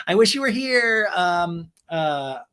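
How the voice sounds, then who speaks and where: A man impersonating a bubbly young woman who gushes in a high, sing-song voice. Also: lively intonation, slow pace, fairly bright tone, clear, resonant tone, exaggerated voice. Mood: gushing.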